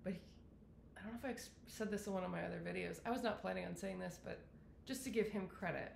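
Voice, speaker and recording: A woman talks candidly to the camera about her own story, circling back often and correcting herself as she goes. Her voice has a gravelly edge, and the room around her rings with a noticeable echo. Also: fairly low pitch, fast, a little hiss or hum. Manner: rambling, frequent self-corrections and fillers. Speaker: wellness vlogger sharing her illness story. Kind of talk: candid personal monologue. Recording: roomy echo.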